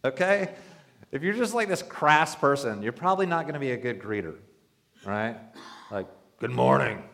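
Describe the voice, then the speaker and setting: A man's voice: mid-range voice, sing-song, normal speed, bright, forceful tone. A male pastor preaching a sermon in a conversational, joking way, acting out quoted voices.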